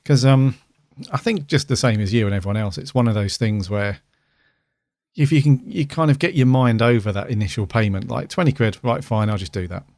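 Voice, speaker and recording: A man's voice: mid-range voice, a little fast, a little mellow, no echo, clean studio sound. A middle-aged man co-hosting a podcast, rambling casually with lots of fillers and restarts. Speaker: podcast co-host. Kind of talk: casual chat.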